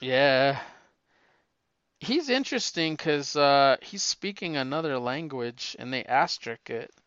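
A man's voice: medium pitch, lively intonation, measured pace, a bit bright, clean tone, no echo, highs cut off. A man co-hosting a podcast, chatting casually about comics, rambling with restarts and laughs. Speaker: podcast co-host.

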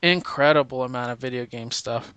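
A man's voice: medium pitch, fairly quick, noisy background. A man co-hosting a podcast, chatting casually and enthusiastically, often laughing and restarting sentences. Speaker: podcast co-host. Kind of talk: casual chat.

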